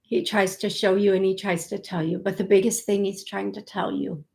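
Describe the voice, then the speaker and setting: A woman hosting a live psychic reading, speaking in a halting way, repeating words and thinking aloud, soft-spoken and emotional. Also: medium pitch, level tone, vocal fry. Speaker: psychic medium host.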